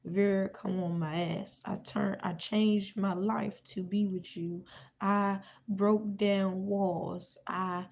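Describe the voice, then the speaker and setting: A woman's voice: mid-range voice, little pitch movement, takes it slowly, vocal fry, a little mellow. A woman reading aloud the lines of a hurt young woman who confronts her ex indignantly and curses. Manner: indignant, cursing.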